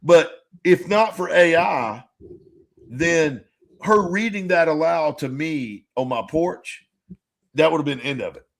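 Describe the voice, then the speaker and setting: A man co-hosting a podcast in casual chat, rambling and halting, full of restarts and swearing. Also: fairly high pitch, animated, gravelly. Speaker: podcast co-host.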